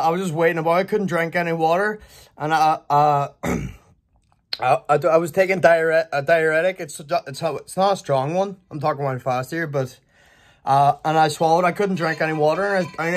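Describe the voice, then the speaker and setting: A young man with a slightly high voice talks straight to the camera in a loose, rambling vlog. He swears freely, trips over his words and restarts often, with a faint hum of traffic behind him. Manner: excited, rambling, swears a lot, many restarts. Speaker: bodybuilder vlogger. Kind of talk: casual vlog talk to camera.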